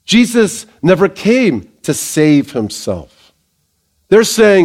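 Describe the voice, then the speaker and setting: Energetic pastor with a fairly high male voice, preaching in a chatty style with quick jokes to the room. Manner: energetic, conversational, joking asides. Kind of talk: sermon.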